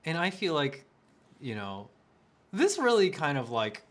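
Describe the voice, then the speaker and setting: A man's voice: on the high side, wildly swooping pitch, a little slow, fairly bright tone. Young man hosting a casual podcast chat. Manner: laughing, emphatic, repeats himself. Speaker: podcast host.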